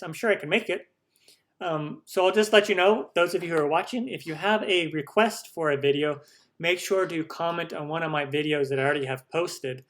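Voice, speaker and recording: A man's voice: on the high side, a bit bright. A man from the United States hosting a cooking channel live stream, chatting upbeat through viewer questions with lots of ums.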